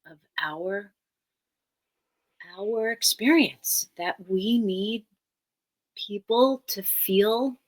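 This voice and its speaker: A woman's voice: mid-range voice, extremely slow. Woman therapist explaining emphatically. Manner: emphatic, teaching, repeats key phrases. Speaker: therapist guest. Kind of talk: earnest podcast interview.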